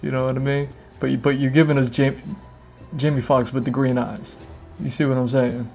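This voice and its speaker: A man's voice: medium pitch, level tone, fairly quick, gravelly, a little mellow, faint music behind. A man chatting casually on a livestream to his camera, rambling, repeating phrases and filling gaps with "you know what I mean". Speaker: streamer. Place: indoors in front of a camera with lights.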